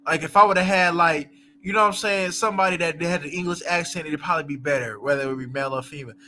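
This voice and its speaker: A man's voice: fairly high pitch, rapid-fire, bright, forceful tone. A man hosting a casual live book chat, talking loosely with many fillers and asides and laughing often between thoughts.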